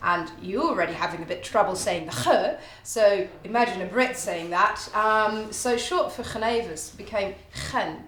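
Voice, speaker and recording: A woman's voice: medium pitch, normal speed, few pauses, a bit bright. A woman from the Netherlands, telling history in a chatty, storytelling way as a distillery guide. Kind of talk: explaining history to visitors. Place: echoey distillery room. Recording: echoey room with faint background hum.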